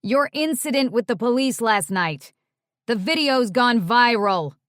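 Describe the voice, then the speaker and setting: A woman voicing a brash, exasperated middle-aged talent agent who scolds loudly. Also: a little high, lively intonation, unhurried, dry recording, studio quality, pitched above the performer's own voice. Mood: scolding. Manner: loud, scolding.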